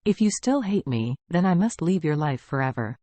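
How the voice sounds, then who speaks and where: A woman reading the lines of an anxious, pleading young husband in a narrated story, in a low voice. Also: very animated, normal speed, dark tone, dry recording. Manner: apologetic, earnest.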